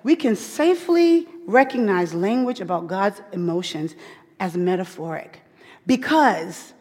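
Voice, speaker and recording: A woman teaching a sermon to a women's audience. She repeats her key phrases and swings from loud emphasis to hushed asides. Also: mid-range voice, expressive, a little slow, slightly rough. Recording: long hall reverb.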